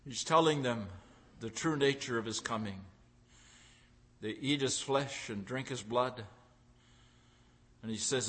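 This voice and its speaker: A man's voice: medium pitch, measured pace, pauses often, fairly bright tone. A man preaching a sermon, driving his points home through repeated phrases and acting out the voices of the crowd. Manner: acts out crowd voices in quotes.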